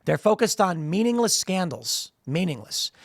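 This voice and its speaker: Hoarse man with a gravelly, high voice. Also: big pitch swings, moderate pace, no room sound, studio quality. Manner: emphatic, repeats words when starting sentences. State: losing his voice, strained throat. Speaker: show host. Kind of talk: political commentary monologue.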